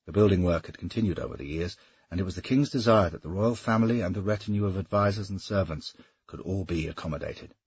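A man narrating a historical novel in a steady, measured audiobook reading. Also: low-pitched, breathy edge, muffled recording.

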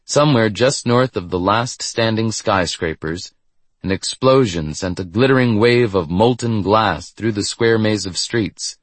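A man narrating a novel in a measured, steady reading. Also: lowish voice, dry recording. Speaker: audiobook narrator. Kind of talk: scripted narration.

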